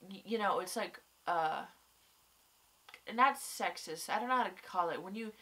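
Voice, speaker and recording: A young woman in casual chat, reviewing a TV episode, rambling and excitable, swearing a lot, tired and stuffy-nosed from crying. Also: mid-range voice, moderate pace.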